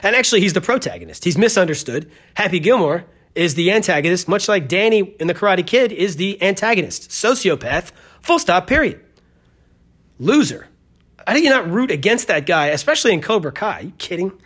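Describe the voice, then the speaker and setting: A man's voice: high-pitched, sing-song, fairly bright tone, husky. Rambling, joking podcast host man. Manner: rambling, joking, fast tangents. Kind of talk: casual storytelling.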